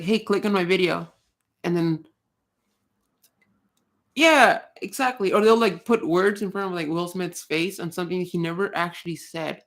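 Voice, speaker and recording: A woman hosting a casual livestream, talking bluntly, swearing often and rambling with restarts. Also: lowish voice. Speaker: livestream host. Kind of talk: casual ranting chat.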